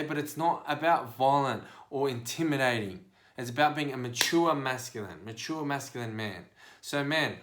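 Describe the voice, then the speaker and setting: A man hosting a podcast, speaking casually and directly to his listeners in a preachy, animated monologue of advice. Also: mid-range voice. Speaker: podcast host and life coach.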